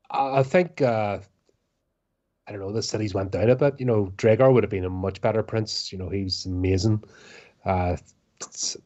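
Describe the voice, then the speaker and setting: A man's voice: fairly low pitch, darkish tone, lo-fi sound, natural voice. A man playing a fawning vampire. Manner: rambling, hesitant. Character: male vampire, fawning over his conquering sire. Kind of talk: tabletop role-play.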